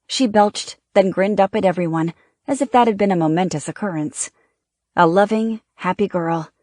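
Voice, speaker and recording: An audiobook narrator reading a novel in a steady, measured way. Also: medium pitch, no room sound, clean studio sound.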